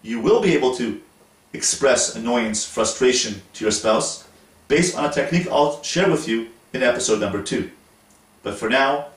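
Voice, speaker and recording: A man from Montreal, Canada, hosting an instructional talk to camera in a slow, deliberate, explanatory way. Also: medium pitch. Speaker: host. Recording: roomy echo, voice from a distance.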